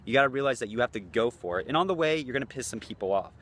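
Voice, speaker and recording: A man from the United States talks rapid-fire in an animated, medium-pitched, fairly bright voice in a casual talking-head vlog. As a dating coach, he's loose and blunt, and he swears freely.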